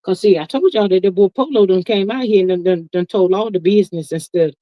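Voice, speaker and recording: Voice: mid-range voice, fast, warm tone, no room sound, poor audio. A live-stream gossip host chatting casually with viewers, sassy and folksy, calling everyone "honey" and "child".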